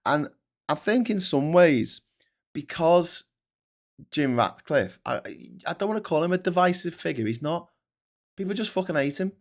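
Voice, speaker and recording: A man's voice: a little high, expressive, moderate pace. Sweary ranting male podcast host. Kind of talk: casual ranting commentary.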